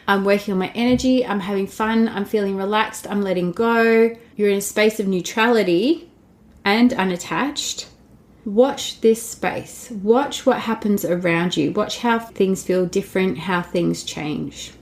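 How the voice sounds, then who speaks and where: Aussie woman in her 30s chatting on her podcast, upbeat, lots of "like", mid-pitched voice. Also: measured pace. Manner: chatty and upbeat, peppered with "like" and "babes". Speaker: podcast host. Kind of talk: casual solo podcast talk.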